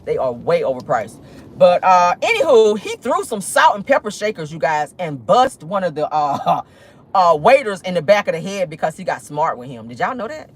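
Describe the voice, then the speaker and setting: Sassy, animated woman talking while driving. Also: on the low side, normal speed. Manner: animated, sassy, swearing storyteller. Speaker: host. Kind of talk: casual gossip vlog. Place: in a car, driving.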